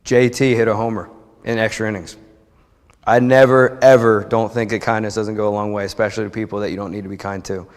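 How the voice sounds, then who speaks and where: A man's voice: on the low side, little pitch movement, fast. Young man rambling through a story in a church. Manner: chatty, rambling storyteller with restarts, heartfelt. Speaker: church member giving a testimony. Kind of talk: informal personal testimony. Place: church sanctuary. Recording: long reverb of a church hall.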